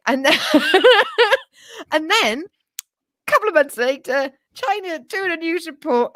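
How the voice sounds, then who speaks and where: A woman's voice: sits high, pushed and bright, no room sound. A woman co-hosting a comedic news chat show, rambling, swearing and laughing as she tells a story. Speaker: co-host.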